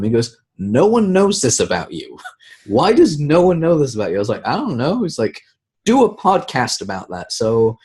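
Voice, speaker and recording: A man with a British accent that has a hard American edge, a podcast guest telling lively stories and quoting people in animated voices. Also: on the low side. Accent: British with American touches. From Tanzania, raised in the UK. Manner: animated storyteller, quotes others in lively voices. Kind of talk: casual interview chat.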